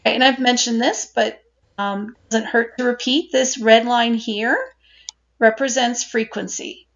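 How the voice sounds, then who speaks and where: A woman's voice: fairly high pitch, fairly even intonation, a little slow. A woman instructor giving a recorded statistics lecture, explaining step by step and checking in with "right?" as she goes. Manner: explanatory, asks "right?" and repeats points. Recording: dull lo-fi recording.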